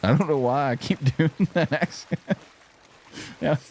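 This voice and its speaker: A man's voice: fairly high pitch, measured pace, a little mellow, a little hiss or hum. A man giving casual, giggly gameplay commentary, rambling and poking fun at himself. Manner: giggly, rambling, self-mocking. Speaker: gameplay streamer.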